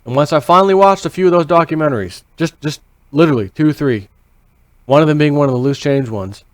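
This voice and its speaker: A man's voice: on the high side, quick pace, dry recording. American guy rambling on his vlog, repeats stuff, swears a bit, dry close sound. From United States. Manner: acts out inner voices with quotes. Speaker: vlogger. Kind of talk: casual opinion monologue.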